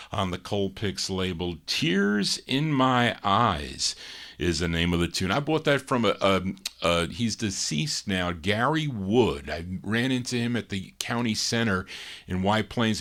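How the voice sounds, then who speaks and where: A man's voice: on the low side, a bit bright. A man hosting a live oldies record show, chatting casually and rambling into personal stories between songs. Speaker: radio show host.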